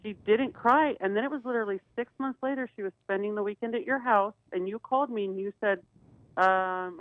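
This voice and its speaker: A woman's voice: medium pitch, a little fast, no room sound, phone-quality sound. Woman co-host with a dry, phone-thin sound. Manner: earnest, storytelling, many restarts. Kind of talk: casual radio talk.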